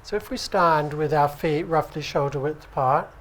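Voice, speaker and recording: A British man teaching at an acupuncture conference, speaking in a relaxed, conversational way and often checking with the audience. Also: fairly high pitch, moderate pace, a little hiss or hum. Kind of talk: conference lecture. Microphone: handheld microphone.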